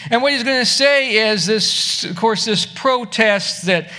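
A man's voice: very high-pitched, animated, unhurried, bright, forceful tone. A man preaching a sermon as a pastor, in a conversational way, asking the listeners direct questions.

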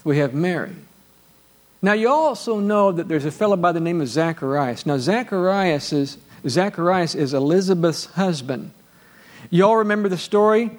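A man preaching a sermon as pastor, quizzing his congregation and lifting his voice high and loud as he reads scripture aloud. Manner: rises to loud exclaiming when reading scripture; asks the congregation questions.

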